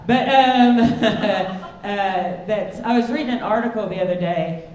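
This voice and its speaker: A woman's voice: mid-range voice, a little mellow. A woman in her thirties doing a stand-up comedy set, brash and crude, with self-deprecating punchlines. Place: comedy club stage with live audience. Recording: roomy live club sound.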